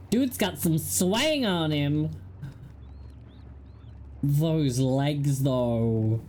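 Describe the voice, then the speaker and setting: Low-voiced playful woman streamer. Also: lively intonation, extremely slow, pauses often, darkish tone, slight background noise. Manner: playful, self-mocking, reacts aloud. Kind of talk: casual live gameplay commentary. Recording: stream with faint game music.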